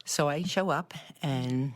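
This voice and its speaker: A woman's voice: low-pitched, slow, a little hiss or hum. A woman telling a personal story in a casual group conversation, laughing often as she talks. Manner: animated, laughs often while talking. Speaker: club member telling her story.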